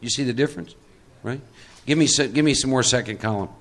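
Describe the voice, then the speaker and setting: A man's voice: mid-range voice, fast talker. A man from Texas leading a live recovery workshop, emphatic and teasing, often checking that listeners follow. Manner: emphatic, teasing, asks for agreement.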